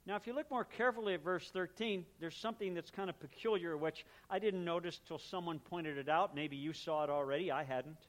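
A pastor preaches a sermon in a slightly high voice, speaking briskly with hardly any pauses. In a relaxed, talky way he explains words and their meanings and briefly acts out little exchanges between people.

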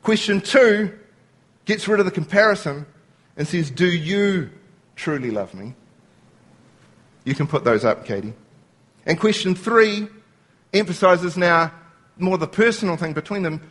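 A man's voice: high-pitched, lively intonation, moderate pace, pauses often, a bit bright. A man preaching a sermon, explaining scripture word by word and quoting lines as he goes.

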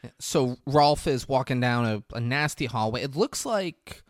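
A man casually recapping a movie as a podcast host, telling it in an animated way with swearing. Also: mid-range voice, a little slow, no echo, clean studio sound. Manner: animated storytelling, swearing, jumps into voices.

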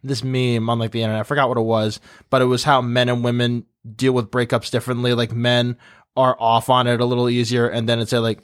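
A man's voice: mid-range voice, monotone, fast, clean tone. A young man hosting a podcast panel, chatting casually and telling stories with many fillers. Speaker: podcast host.

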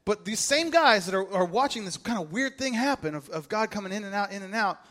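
High-voiced joking male pastor. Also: a little fast. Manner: humorous, animated, acts out quoted voices. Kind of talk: sermon.

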